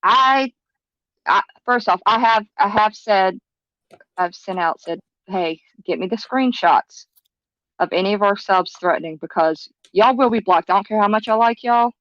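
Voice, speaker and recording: A woman's voice: mid-range voice, normal speed, a bit bright, no room sound. A woman with a Southern US accent co-hosting a livestream, speaking hesitantly with frequent restarts. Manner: hesitant, restarts, addresses viewers as y'all. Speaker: livestream co-host. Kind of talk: livestream chat. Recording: dull dry stream audio.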